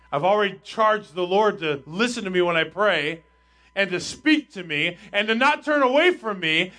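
High-voiced man preaching a sermon. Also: sharp tone. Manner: reads scripture aloud and explains it, rising in force on the readings. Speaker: pastor.

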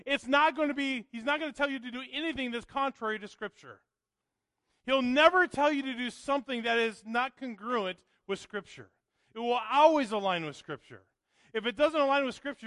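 A man's voice: extremely high pitch, bright, forceful tone, no room sound. A male pastor preaching a sermon, emphatic and full of rhetorical questions to the congregation.

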